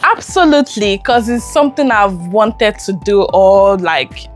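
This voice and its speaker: A young woman from Nigeria, co-hosting a casual chat with her husband, talkative and quick to laugh, often repeating words as she starts a thought. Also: medium pitch, expressive, soft background music. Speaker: co-host.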